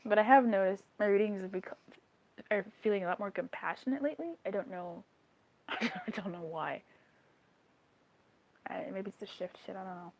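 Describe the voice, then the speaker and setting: A woman's voice: medium pitch, normal speed, pauses often. Chatty laughing woman tarot streamer. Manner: animated, laughs often, swears casually. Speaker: tarot card reader. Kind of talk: live-stream chat reading viewer comments.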